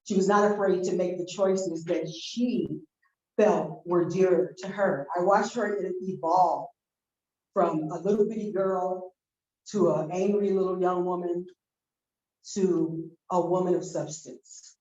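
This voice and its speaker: A woman with a mid-range voice delivers a heartfelt, halting tribute at a memorial, repeating phrases as she searches for words. Her voice echoes through the room and comes across muffled over a video call. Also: lowish voice, fairly even intonation, mellow. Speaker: aunt giving a eulogy. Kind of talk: memorial eulogy.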